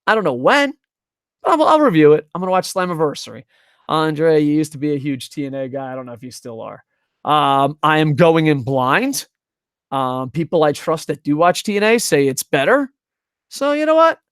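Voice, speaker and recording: A man's voice: fairly high pitch, a bit bright, clean tone, dry recording, studio quality. A young man casually reviewing wrestling on a live stream at a home desk microphone, rambling, swearing and reading chat messages aloud.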